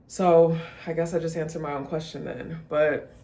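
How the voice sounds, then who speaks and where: A vlogger speaks straight to the camera in a halting, rambling way, full of restarts and second thoughts. The voice is soft and confessional and stays close to tears throughout. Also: mid-range voice, steady tone, creaky. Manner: rambling, halting, self-questioning. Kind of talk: unscripted emotional vlog rant.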